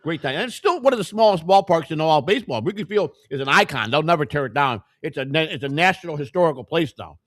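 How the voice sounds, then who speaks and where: Older guy talking fast, kinda high voice, rambling stories, lots of restarts. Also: animated, fairly bright tone, no room sound, clean studio sound. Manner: rambling storyteller, many restarts. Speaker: co-host. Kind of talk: casual chat.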